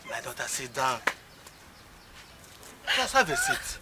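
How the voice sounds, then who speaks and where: A man's voice: mid-range voice, wildly swooping pitch, slow pace, exaggerated voice. An actor playing an aging father, firmly insisting his son will come home safe. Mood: defiant. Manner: firm, reassuring. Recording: loud background noise.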